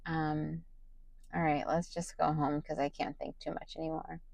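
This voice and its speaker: A woman's voice: sits low, level tone, normal speed, gravelly, a little mellow, a little hiss or hum, poor audio. Tired woman vlogging late at night. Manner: rambling, many ums and restarts. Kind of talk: casual late-night vlog talk.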